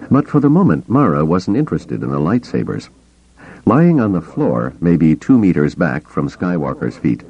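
A man narrating an action-filled audiobook in a dramatic, expressive reading. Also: very deep voice, breathy edge, lo-fi sound.

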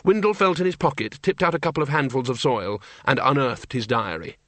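Man narrating a novel, bright tone, dry close sound, measured. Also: medium pitch, dry recording. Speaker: audiobook narrator. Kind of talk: scripted narration.

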